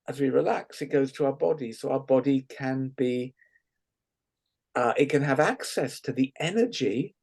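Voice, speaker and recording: Husky playful man leading laughter. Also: mid-range voice. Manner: playful, laughs often, gentle coaxing. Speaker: laughter workshop leader. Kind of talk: guided laughter exercise.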